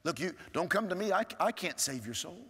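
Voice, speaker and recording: A male pastor preaching a sermon, swinging from strong rising appeals to hushed, low asides. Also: very animated, a little fast, husky. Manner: preaching with sweeping rises and hushed drops. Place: large church sanctuary. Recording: church hall reverb.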